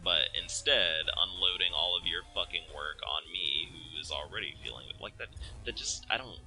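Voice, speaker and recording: A man's voice: low-pitched, moderate pace, vocal fry, bright, forceful tone, soft background music, low-quality recording. A young man hosting a let's play, venting in casual, profane gameplay commentary.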